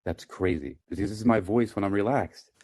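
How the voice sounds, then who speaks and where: Man, deep and low voice, relaxed casual chat, phone mic. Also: moderate pace. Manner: relaxed and laid-back, playful. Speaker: host. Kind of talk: casual chat on a live audio app. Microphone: phone microphone.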